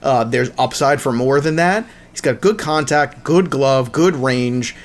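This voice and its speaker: A man's voice: medium pitch, measured pace. A man hosting a podcast, chatting casually and joking with lots of fillers. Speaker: podcast host. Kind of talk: casual sports chat.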